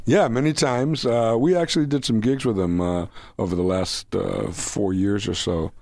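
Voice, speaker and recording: A man's voice: fairly low pitch, steady tone, normal speed, gravelly, a little mellow. Chatty man telling a backstage anecdote. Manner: chatty storyteller acting out the quotes, many fillers. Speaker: bandleader, interview guest. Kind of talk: casual anecdote.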